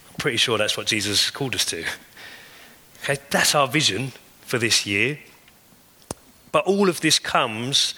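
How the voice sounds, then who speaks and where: A man's voice: mid-range voice, pushed and bright. A man preaching a sermon as a pastor, earnest and building emphasis through repeated phrases. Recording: long hall reverb.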